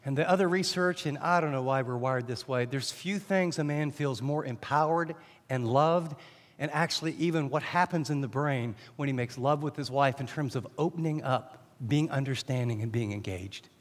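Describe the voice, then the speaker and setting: A middle-aged man preaching a sermon as a Bible teacher, animated and often restarting his sentences. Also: medium pitch, normal speed. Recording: long hall reverb.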